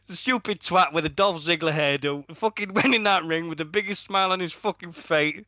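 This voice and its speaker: Bright-voiced British man, swearing banter. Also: high voice, moderate pace, muffled recording. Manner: swearing, rambling, laughs at own stories. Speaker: radio show co-host. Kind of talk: casual podcast banter.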